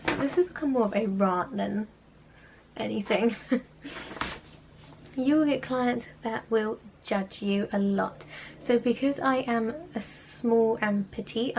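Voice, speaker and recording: A woman's voice: a little high, vocal fry, slight background noise. A young woman, a spa therapist, ranting sarcastically about clients in a casual vlog. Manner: exasperated, sarcastic storytelling.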